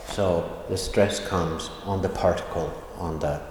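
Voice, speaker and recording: A man teaching an online language lesson, explaining slowly and repeating examples. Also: deep voice, fairly even intonation, darkish tone, a little hiss or hum. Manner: slow, deliberate explaining with repetitions. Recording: echoey room with long reverb.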